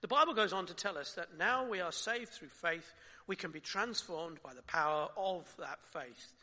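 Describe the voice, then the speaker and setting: Male preacher, high bright voice, chatty sermon delivery with rhetorical questions, recorded in a reverberant hall. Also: normal speed. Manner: conversational, with rhetorical questions and soft drops.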